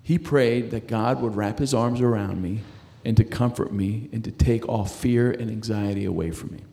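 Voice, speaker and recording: A man's voice: fairly low pitch, vocal fry, warm tone. A middle-aged man sharing a personal faith testimony in conversation. He stumbles and repeats words as he talks. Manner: halting, repeats words and restarts while telling his story.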